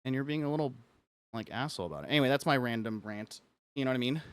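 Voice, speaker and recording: A man's voice: mid-range voice, lively intonation, very fast, clean tone, dry recording. A man streaming live, telling a story in casual chat, rambling and filling his talk with "like" as he rants. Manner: rambling, says "like" constantly; frustrated ranting.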